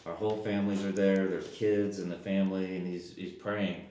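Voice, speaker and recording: A man's voice: low-pitched, a little fast, hardly any pauses. A man from Texas, a podcast guest telling stories casually and acting out quotes. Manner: animated, acts out quotes, stumbles and restarts. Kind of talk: casual storytelling. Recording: very echoey room.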